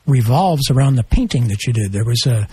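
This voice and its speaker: A man hosting an interview, prompting his guest in a halting way with many hesitations. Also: medium pitch, lively intonation, mellow, breathy edge. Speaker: radio interview host.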